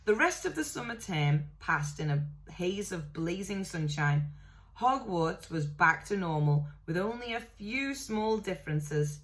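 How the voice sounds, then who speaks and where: A woman reading a novel aloud in a steady way, now and then correcting a slip. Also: on the low side, a little slow. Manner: steady read-aloud with small self-corrections. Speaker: reader.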